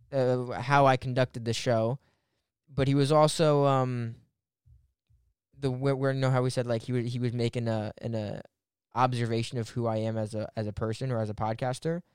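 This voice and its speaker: Smooth-voiced casual podcast host, man. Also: mid-range voice, no echo, clean studio sound. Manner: animated storyteller, swears casually.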